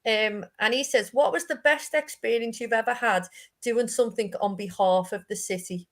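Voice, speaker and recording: A woman hosting a relaxed conversation, with quick, brisk interjections. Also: a little high. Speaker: host. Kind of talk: casual chat.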